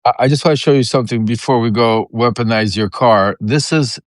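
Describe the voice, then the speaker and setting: A man's voice: medium pitch, a little fast, dry recording. Impassioned man with a dry sound. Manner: impassioned, repeats phrases, many fillers and restarts. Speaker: guest. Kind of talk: live-stream political talk.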